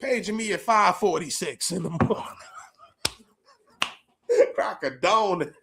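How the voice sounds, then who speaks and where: High voiced new guy hosting his pod, hyped story mode, lots of slang and cussing. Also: slow, creaky. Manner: animated, slangy, profane storytelling with laughs. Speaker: podcast host. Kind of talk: casual reminiscing monologue.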